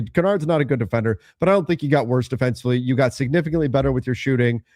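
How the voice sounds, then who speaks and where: A man hosting a live basketball show, giving emphatic, measured opinions on trades. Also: mid-range voice, darkish tone, dry recording, studio quality. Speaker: podcast host. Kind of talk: live basketball analysis chat.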